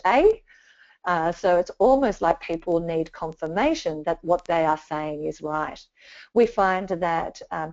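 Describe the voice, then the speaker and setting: A woman's voice: lowish voice, a little mellow. A woman giving a communication training webinar, talking conversationally with lots of fillers and restarts. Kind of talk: webinar presentation. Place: home or office, remote webinar. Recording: dull lo-fi webinar audio.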